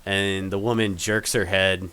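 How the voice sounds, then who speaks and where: A man's voice: deep voice, level tone, measured pace, heavy background noise. A man narrating a tabletop game as game master, rambling with many fillers and restarts.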